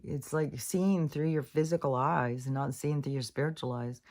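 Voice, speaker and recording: Low-voiced woman rambling about spirituality. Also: steady tone, moderate pace, a little mellow. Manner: meandering, many fillers and restarts, frequent swearing. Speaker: spiritual vlogger. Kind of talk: rambling casual monologue.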